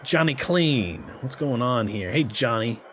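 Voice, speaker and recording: A man's voice: mid-range voice, animated, a little slow, fairly bright tone, a little hiss or hum. A man streaming a role-playing game, reading its text aloud and chatting wryly. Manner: wry, casual, reads game text aloud. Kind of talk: let's play narration with character voices.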